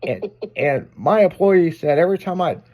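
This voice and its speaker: A man's voice: on the high side, sing-song, moderate pace, dull audio. A man who runs a shop, telling stories in casual chat, swearing and laughing a lot. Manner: profane, laughing storyteller.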